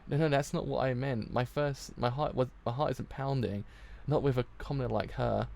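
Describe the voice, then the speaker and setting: A man with a gravelly voice reading the lines of a proud, hotheaded rich boy in loud, blustering denial. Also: mid-range voice, fairly even intonation, normal speed, close to an everyday voice. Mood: flustered, angry.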